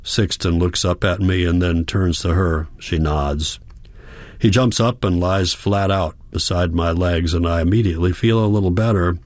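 Reading from a first-person novel, this audiobook narrator keeps his very low voice steady, unhurried, and thoughtful the whole way through. The audio is dry, captured right up against the microphone.

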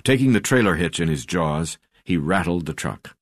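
A man reading a memoir aloud as an audiobook narrator, in a measured, unhurried way with soft drops in volume. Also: low-pitched, animated, dry recording, clean studio sound.

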